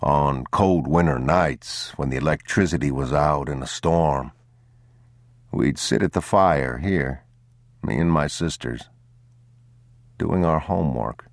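A man voicing a weary, grieving father who speaks to his son in a hushed, soothing way. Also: a bass voice, slow pace, vocal fry, long pauses, no room sound, clean studio sound, full character voice. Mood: wistful. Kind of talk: audiobook character voice.

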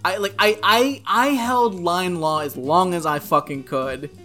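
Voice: medium pitch, unhurried. A podcast co-host telling a rant story in casual chat, swearing often and saying "like" constantly, over faint guitar music. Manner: profane, animated, peppered with "like".

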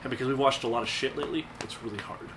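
A man's voice: mid-range voice, very fast, a bit bright, slight background noise, low-quality recording. A man hosting a podcast, chatting casually with crude jokes and frequent laughter. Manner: crude, joking, laughs often. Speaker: podcast host. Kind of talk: casual chat.

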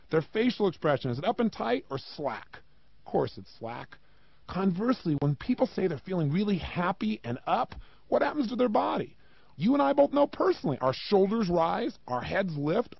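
A man giving a motivational talk, emphatic and animated, with many rhetorical questions and a gravelly voice. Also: sits high, dry recording, muffled recording. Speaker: motivational speaker.

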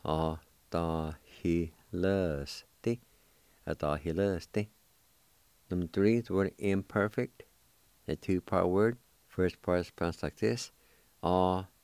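A man hosting a radio language lesson, spelling and pronouncing Cherokee words slowly and repeating each one for listeners to write down. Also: low voice, a little mellow, clear, resonant tone, no room sound. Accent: Oklahoma Cherokee.

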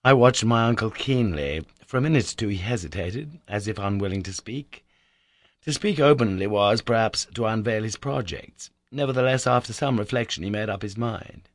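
A man narrating an audiobook in a measured, clearly enunciated reading style. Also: lowish voice, dry recording. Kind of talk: scripted narration.

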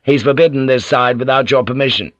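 A man voicing a gruff, hot-tempered samurai general who speaks bluntly and with urgency. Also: medium pitch, a little fast, no echo, voice pushed up, natural voice.

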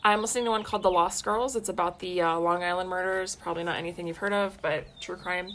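A woman's voice: fairly low pitch, fairly even intonation, quick pace, a bit bright, slight background noise. A woman co-hosting a casual home podcast, chatting in an easygoing, upbeat way. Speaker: podcast co-host. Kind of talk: casual chat.

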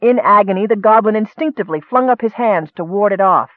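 A man narrating a fantasy story in steady storytelling, lifting his voice for action. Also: high-pitched, a little fast, no room sound. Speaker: audiobook narrator. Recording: dry, tinny phone-like sound.

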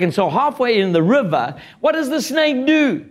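A male preacher delivering a sermon in a high-pitched voice. He is blunt and joking, and he quotes scripture with lots of animation. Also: lively intonation, moderate pace, hardly any pauses.

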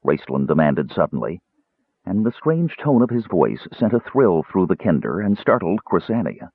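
Husky man narrating, tinny phone sound. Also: low voice, very animated, normal speed, dry recording. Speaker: audiobook narrator. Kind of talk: scripted fantasy narration. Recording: tinny phone-like band, dry.

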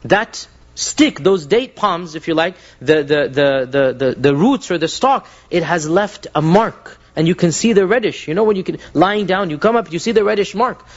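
A man's voice: high voice, expressive, moderate pace, muffled recording. A man giving a live religious lecture to an audience, telling stories earnestly, often restarting his sentences and mixing in Arabic phrases.

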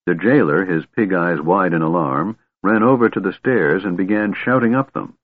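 Husky low-voiced male fantasy narrator. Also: no echo. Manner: measured, steady storytelling. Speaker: audiobook narrator. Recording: tinny narrow-band recording.

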